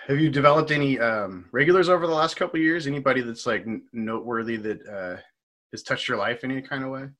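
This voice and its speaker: A man's voice: mid-range voice, quick pace. A man from Washington State, hosting a casual chat, telling bar stories animatedly with frequent laughter. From Washington State, USA. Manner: animated storyteller, laughs often, many fillers. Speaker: podcast host and bartender.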